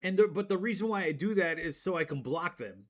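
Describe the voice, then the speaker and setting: Profane rambling man, slightly high voice. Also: expressive, a little fast, a bit bright. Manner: profane, rambling, laughs at himself. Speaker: streamer. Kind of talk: casual rant to stream chat.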